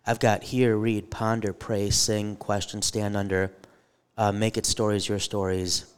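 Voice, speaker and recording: A man's voice: on the low side, flat delivery, unhurried, clean tone. A man co-hosting a live podcast, telling stories animatedly with a joking, self-deprecating humor. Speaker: podcast co-host, theology teacher. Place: live event before an audience.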